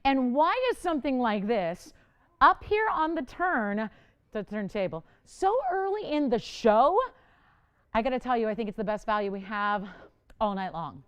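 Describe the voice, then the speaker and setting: A woman's voice: on the high side, lively intonation, normal speed, clean tone. Enthusiastic woman hosting live jewelry sales. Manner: chatty, enthusiastic, emphatic selling. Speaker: jewelry shopping host. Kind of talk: live home-shopping sales pitch.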